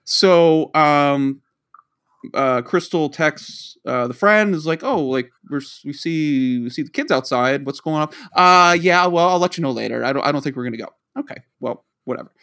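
A man's voice: mid-range voice, expressive, moderate pace, a bit bright, smooth. A man from the Boston area, co-hosting a podcast and telling a long rambling story, acting out the dialogue he quotes. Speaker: podcast co-host. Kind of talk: casual storytelling.

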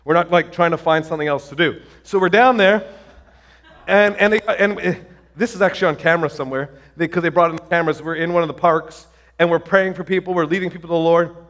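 A man preaches to a congregation with a fairly high voice. He tells stories with lots of excitement and often breaks off mid-sentence to start over. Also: fast. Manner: excited, storytelling, many restarts and fillers. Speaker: pastor. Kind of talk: sermon.

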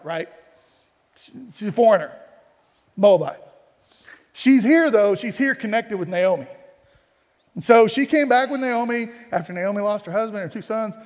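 A male pastor preaching a sermon, telling the story in a conversational, playful way with asides, in a church sanctuary. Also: high-pitched. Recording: long hall reverb.

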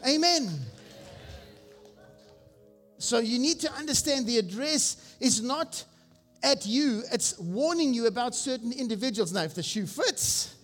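A senior pastor preaching a sermon, exhorting the congregation and asking them questions. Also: male voice, very high-pitched, expressive, normal speed, a bit bright. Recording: long reverb with faint music.

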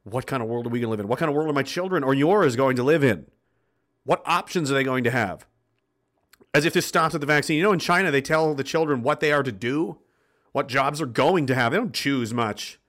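A man's voice: mid-range voice, fairly quick, fairly bright tone. A man hosting a livestream, reading viewer comments and ranting in a blunt, swearing, impassioned way. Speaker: livestream host reading chat. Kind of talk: profane political rant to viewers.

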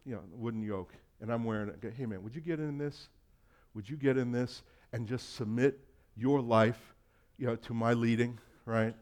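A man preaches a sermon in a loose, conversational way, slipping into quoted voices and laughing along the way. His voice sits at an average pitch for a man. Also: moderate pace, a little mellow. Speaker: pastor.

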